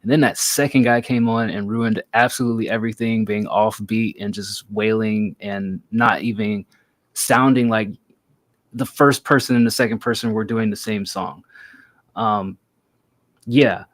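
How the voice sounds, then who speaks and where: A man's voice: lowish voice, steady tone, unhurried, no room sound. A man hosting a live music review stream, giving blunt, offhand verdicts in casual chat.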